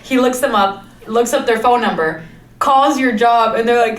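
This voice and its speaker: A woman's voice: on the high side, normal speed, background noise. Laughing young woman telling a story. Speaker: podcast co-host. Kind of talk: casual storytelling chat. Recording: roomy, off-mic sound.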